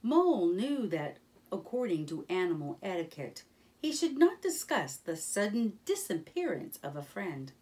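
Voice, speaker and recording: A woman reading a children's storybook aloud in a gentle, expressive manner. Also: medium pitch, unhurried, distant mic.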